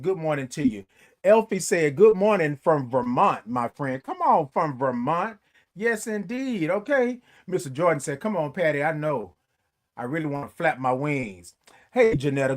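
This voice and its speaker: This is the animated host of a morning livestream, a man with a high, lively voice. Chatting casually with viewers as they join, he sings out greetings, drawing them out and slipping into snatches of song.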